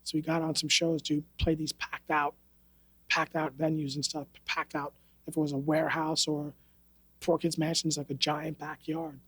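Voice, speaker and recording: Husky new york guy, kinda high voice, talks blunt and cusses a lot, dry no-echo sound. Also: level tone, normal speed, fairly bright tone. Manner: blunt, profane, streetwise. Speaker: martial arts instructor, podcast guest. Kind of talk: casual interview storytelling. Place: podcast studio.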